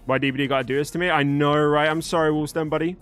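A man's voice: fairly high pitch, fairly even intonation, quick pace, fairly bright tone, clear, resonant tone, soft background music. A young man from Birmingham with a mostly neutral British accent, hosting a live stream, chatting with and thanking viewers as he reads the chat. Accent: British English, mostly neutral. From Birmingham, England. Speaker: streamer host.

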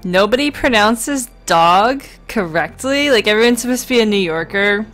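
A woman's voice: medium pitch, lively intonation, moderate pace, fairly bright tone, faint music behind. A woman with a New York accent streaming a game and making sarcastic, joking asides. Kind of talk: casual gaming commentary.

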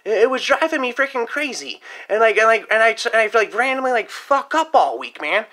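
A woman's voice: fairly high pitch, lively intonation, a little fast, bright, forceful tone. A woman playing a paranoid young stoner farmhand in a comedic story-time monologue, rambling, swearing and ending lines with "man". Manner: rambling, repeats "man" constantly, swears often.

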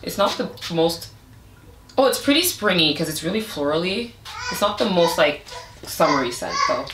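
Hoarse young woman vlogging, low voice. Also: animated, moderate pace. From Montreal, Canada. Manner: rambling, filler-heavy, emotional. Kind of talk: casual vlog chat to camera. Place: indoors at home. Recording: echoey room with noise.

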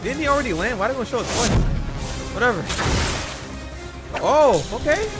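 A hyped man gives let's-play commentary on a game in slangy banter, and his pitch swings wildly as he reacts. His loud outbursts land over clear game music playing behind him. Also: sing-song, normal speed. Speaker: gaming channel host.

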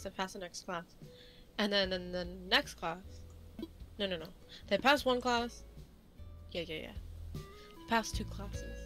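A woman's voice: medium pitch, sharp tone, low-quality recording. A young woman who teaches game design, chatting casually and rambling with restarts and swearing while streaming a game at home. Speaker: college game-design instructor. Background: game music.

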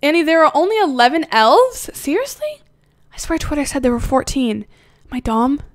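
A woman's voice: sits high, very animated. A young woman streaming a game live, chatting casually in a giggly, bubbly way and answering her chat. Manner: usually talks fast. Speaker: game livestreamer. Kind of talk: casual livestream chat while gaming.

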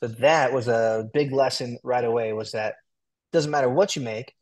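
A young adult man as an interview guest, talking in a relaxed, chatty way full of "like" and "dude". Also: mid-range voice, normal speed. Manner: relaxed, talkative, fillers like "like" and "dude". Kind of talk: casual interview.

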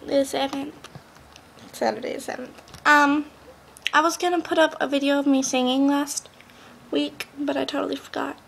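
A woman's voice: high-pitched, level tone, normal speed, vocal fry, pauses often, a bit bright, slight background noise. A seventeen-year-old girl vlogging at home on a laptop mic, bubbly and rambling, full of "like". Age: teen. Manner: bubbly, chatty, rambling with lots of "like". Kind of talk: casual vlog chat.

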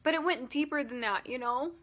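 A woman in her thirties telling a personal story in a vlog, emotional and halting, close to tears, with many fillers. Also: high-pitched, a bit bright. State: tearful. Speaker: vlogger.

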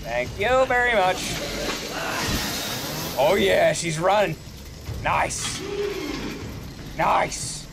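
A man giving excitable let's play commentary, swearing and yelling at enemies as he plays. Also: high-pitched, slow pace, pauses often, background noise. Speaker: gamer.

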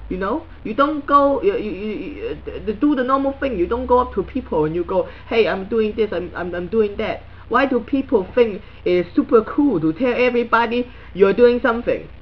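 A man's voice: high voice, lively intonation, normal speed, hardly any pauses, highs cut off, a little hiss or hum. A man doing a crude Chinese guy with a heavy ranting style. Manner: broken English, crude and blunt, stuttering repeats. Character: crude, blunt middle-aged Chinese man, new to social media. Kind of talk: comedic character monologue.

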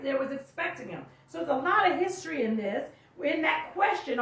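A woman's voice: sits high, expressive, brisk, few pauses, muffled recording. A woman teaching a sermon, reading scripture aloud and stopping to explain it, often calling out. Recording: echoey room, mic far off.

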